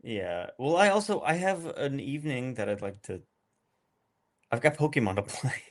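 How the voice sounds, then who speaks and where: A man's voice: mid-range voice, sing-song, moderate pace. A man co-hosting a podcast in casual comedic chat, laid-back and laughing often. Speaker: podcast co-host.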